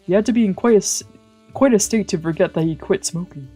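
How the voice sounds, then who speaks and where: A VTuber narrating a visual novel aloud in an animated, reactive way. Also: medium pitch, fast talker, faint music behind. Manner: animated, reacting with loud outbursts then narrating. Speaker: streamer, VTuber.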